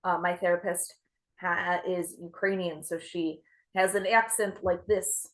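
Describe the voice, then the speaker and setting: A young adult woman doing a stand-up set with a self-deprecating, deadpan delivery. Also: on the low side, unhurried. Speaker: stand-up comedian.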